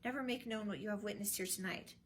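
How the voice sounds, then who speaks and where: A woman's voice: medium pitch, quick pace, a little hiss or hum, lightly acted. A woman voicing a troubled young prince giving urgent orders to his friends in a storybook reading. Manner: urgent, commanding.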